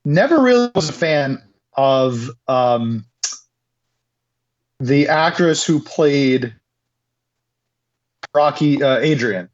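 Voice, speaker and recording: A man's voice: mid-range voice, expressive. Rambling male podcast co-host, lo-fi sound. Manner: rambling, halting, with restarts and laughs. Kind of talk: casual movie discussion.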